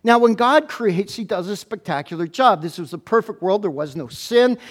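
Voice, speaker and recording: A man preaching a sermon as a pastor to a congregation in church, animated and playful, often stumbling into quick restarts. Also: high-pitched.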